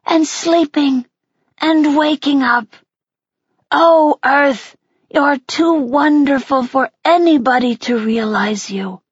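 A woman's voice: sits high, slow pace, dry recording, dull audio. A woman reading as a tearful young stage actress. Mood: tearful, wistful.

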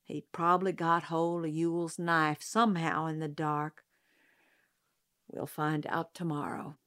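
A woman reading the lines of a principled small-town lawyer and father in an audiobook, calm, firm and earnest, a little louder than her narration. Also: low-pitched, a little slow.

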